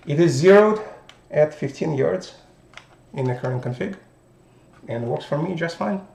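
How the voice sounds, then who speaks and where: Russian-accented man, halting show-and-tell host. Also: on the high side, vocal fry, a little mellow. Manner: halting, deliberate, restarts mid-phrase. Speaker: firearms channel host. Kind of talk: casual gun show-and-tell. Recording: roomy echo.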